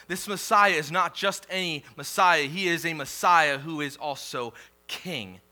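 A male pastor preaching a sermon, reading scripture slowly and swelling loud on key declarations before dropping quiet. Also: a little high. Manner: reads scripture slowly and deliberately.

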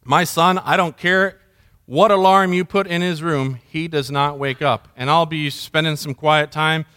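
A man's voice: fairly high pitch, fairly even intonation, unhurried, bright, forceful tone, smooth. A middle-aged man preaching a sermon as pastor, conversational and full of storytelling. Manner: conversational storytelling, mimics sounds.

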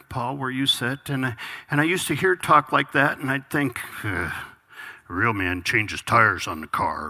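A man's voice: medium pitch, gravelly, bright, forceful tone. A middle-aged man preaching a conversational, earnest sermon to his congregation, restarting phrases as he goes. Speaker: pastor.

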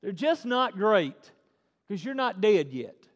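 A man in his forties preaching with a high, ringing voice. He drops to near-quiet, then climbs back to forceful emphasis. His words trail off into the long echo of a church hall. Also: big pitch swings, slow pace. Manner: emphatic preaching that swings between hushed and loud. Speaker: pastor. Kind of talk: sermon. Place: church sanctuary.

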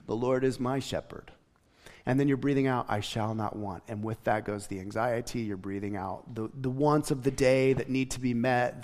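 A male pastor delivers a casual, conversational sermon, his medium-pitched voice dropping to near-whispers and then rising for emphasis. The sound rings with the long reverb of a large church hall. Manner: conversational preaching, shifting from soft to emphatic.

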